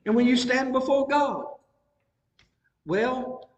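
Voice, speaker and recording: A man's voice: high-pitched, animated, moderate pace, big-room sound. A middle-aged man, teaching a Bible study in a folksy, conversational preaching style. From North Carolina. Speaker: pastor.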